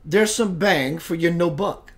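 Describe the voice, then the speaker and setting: This host of a spiritual web radio show has a voice on the high side and takes his time speaking. His livestream chat is casual and playful, with viewers greeted by name and frequent laughter.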